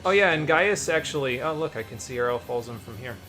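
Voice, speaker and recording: A man hosting a casual game stream, talking through combos and quests in a rambling, explanatory way with plenty of "uh" and "basically". His voice sits at a middle pitch, with bright game music playing underneath. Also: lively intonation, quick pace. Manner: explains game mechanics at length with fillers. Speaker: streamer and host. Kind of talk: casual gameplay chat. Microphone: desk microphone, turns away to read chat.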